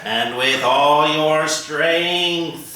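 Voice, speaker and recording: A man putting on the voice of a robot alien, chanting a verse in a slow, drawn-out monotone. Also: fairly high pitch, slight background noise, exaggerated voice. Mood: droning. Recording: echoey room from far off.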